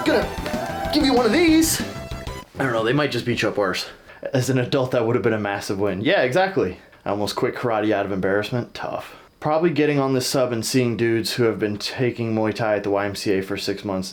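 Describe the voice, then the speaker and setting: A young man hosting a casual reaction show, jokey and animated, breaking into shouted bits. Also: mid-range voice. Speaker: host reacting to online stories.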